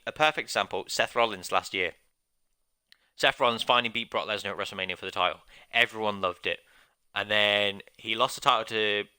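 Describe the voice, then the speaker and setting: Bright, dry-sounding male streamer. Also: lowish voice, clean tone, no room sound. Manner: rambling and opinionated, with many fillers. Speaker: game streamer. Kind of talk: casual rambling commentary.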